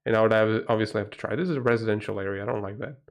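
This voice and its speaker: Rapid-fire and creaky, this fairly low male voice belongs to a livestream host from Portugal. He speaks with a Portuguese accent and rambles profanely through a casual chat, frequently bursting into exclamations.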